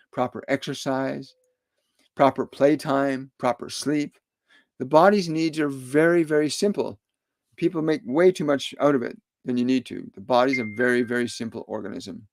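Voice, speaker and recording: Calm and soothing, a middle-aged man who works as a spiritual medium takes viewer questions in a live stream, repeating his instructions. Mid-range voice, no echo.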